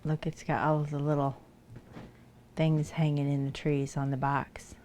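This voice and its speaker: A woman's voice: low voice, little pitch movement, a little slow, warm tone, slight background noise. A woman streaming from home, chatting casually with viewers and cooing at her cats. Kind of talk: casual live-stream chat.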